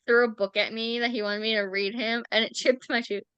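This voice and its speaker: Bright, crisp-voiced woman chatting. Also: on the high side, steady tone, a little fast, dry recording, muffled recording. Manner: laughs often, chatty storytelling. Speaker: podcast co-host. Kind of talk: casual chat.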